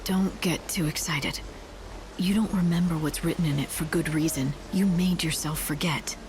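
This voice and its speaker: An actress playing a calm, earnest young game heroine who speaks in a measured, soft way. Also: female voice, deep voice, noisy background, natural voice. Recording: game audio over clear music.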